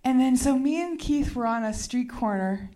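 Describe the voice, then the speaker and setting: A woman's voice: high voice, animated, moderate pace, mellow. Rambling woman telling a stage story. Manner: rambling, chatty, laughs mid-story. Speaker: stand-up comedian. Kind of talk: stand-up storytelling. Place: stage before a live audience.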